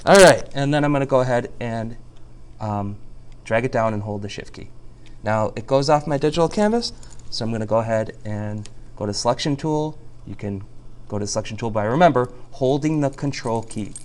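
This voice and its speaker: A man teaching a software tutorial over a screen recording, chatty and jokey, talking through each click. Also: medium pitch, animated, a little fast, smooth.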